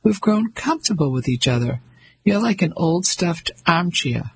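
Man doing a pompous english banker husband in his fifties, blustery and patronizing, raspy. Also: a little high, big pitch swings, normal speed, exaggerated voice, low-quality recording.

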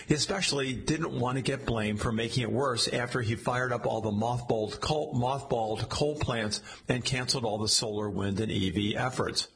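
Man, narrator, sardonic, mocking, very husky, satirical story reading. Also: mid-range voice, fairly bright tone.

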